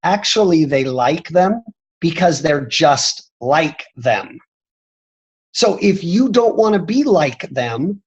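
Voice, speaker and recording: A man's voice: on the high side, husky, poor audio. A man answering questions as a company executive, talking emphatically and often pressing his point with "I'm telling you.". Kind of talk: motivational talk on a training call.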